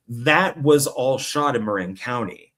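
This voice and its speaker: A man's voice: medium pitch, measured pace. A middle-aged man co-hosting a casual live stream, rambling through stories and acting out quotes. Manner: rambling storyteller, animated, acts out quotes. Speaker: co-host.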